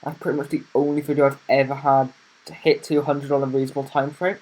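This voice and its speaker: A man's voice: medium pitch, flat delivery, quick pace, a little mellow. A young man hosting a casual car review vlog, talking in a rambling, chatty way with plenty of fillers.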